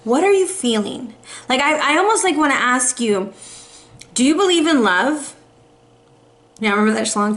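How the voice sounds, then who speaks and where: A woman doing a casual tarot reading for viewers, playful and lively, calling listeners baby and dropping in Spanish phrases. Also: on the high side, moderate pace. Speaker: tarot reader.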